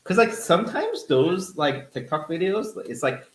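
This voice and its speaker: A man co-hosting a live cooking stream from a home kitchen, joking around in relaxed, playful chat. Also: on the high side, unhurried, roomy sound. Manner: playful and animated, jokes along. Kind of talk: casual chat.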